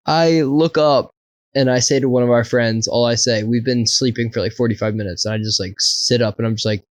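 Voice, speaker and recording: A man's voice: mid-range voice, a little fast, no echo, rough recording. Profane, laughing man telling a story. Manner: profane, laughing, animated anecdote. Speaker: podcast co-host. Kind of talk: casual storytelling.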